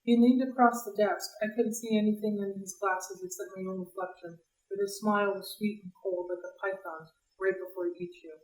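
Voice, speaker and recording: A woman's voice: mid-range voice, steady tone, normal speed, a little mellow. Woman reading a novel aloud in a roomy space. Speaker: library read-along reader. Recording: roomy, distant mic.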